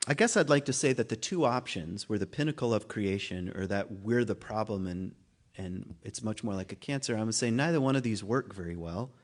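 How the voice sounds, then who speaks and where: A man's voice: fairly low pitch, brisk. Man giving a musing, casual sermon. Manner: conversational and musing, laughs at himself, many restarts. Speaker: guest speaker at a spiritual community. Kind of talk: informal sermon talk.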